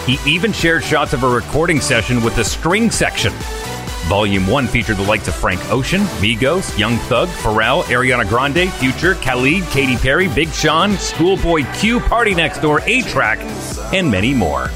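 A man hosting a morning radio show, reading music news at a brisk pace and chatting in a relaxed way. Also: mid-range voice. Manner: brisk newsreader delivery, then relaxed storytelling banter. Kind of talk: radio news read and casual morning chat.

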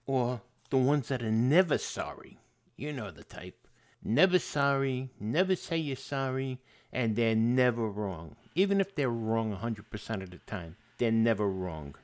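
A man hosting a monologue podcast, firing off rhetorical questions with jokey asides. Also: mid-range voice. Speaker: podcast host.

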